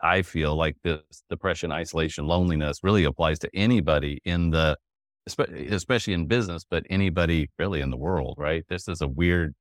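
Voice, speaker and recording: A man in his fifties with a very low voice hosts a podcast conversation. He talks in a jovial, loose way, restarting sentences and laughing often, recorded close and dry. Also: a little fast, dry recording. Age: 50s. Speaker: podcast host. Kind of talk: conversational interview.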